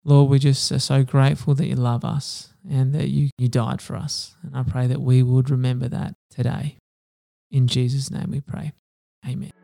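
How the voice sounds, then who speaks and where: A man hosting a Bible reading podcast, reading scripture aloud and then reflecting earnestly, sometimes halting as he speaks off the cuff. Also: mid-range voice, level tone, creaky, dark tone.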